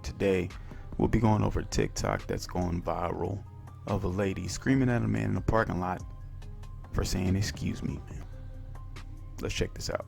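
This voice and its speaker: A man with a low, gravelly voice hosts a reaction commentary. He mocks what he hears with blunt, profane remarks. Faint music plays underneath. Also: steady tone, normal speed, long pauses, darkish tone. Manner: mocking, profane. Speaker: commentary channel host.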